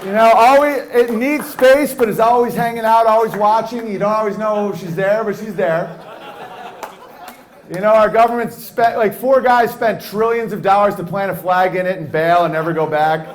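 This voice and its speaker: A man doing a high-voiced brash stand-up comic. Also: steady tone, normal speed, lightly acted. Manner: rambling, provocative, laughs through lines. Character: brash male stand-up comic ranting onstage. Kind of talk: stand-up comedy bit.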